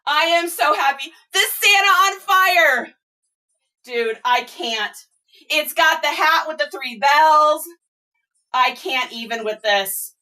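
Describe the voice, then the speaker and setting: A woman reseller chatting casually to viewers, gushing and excitable as she unboxes items. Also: sits high, slow, distant mic. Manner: gushing, excitable, squeals and laughs. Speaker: reseller vlogger.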